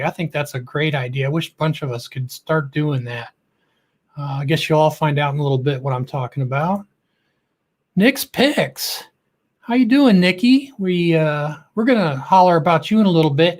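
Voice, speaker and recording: A talkative middle-aged man runs a casual livestream, greeting each viewer by name as it comes up. His voice sits a touch higher than most men's, and his delivery stays loose, goofy and friendly in tone. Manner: chatty, calls out viewers' names with a lift; joking and goofy. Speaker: livestream host.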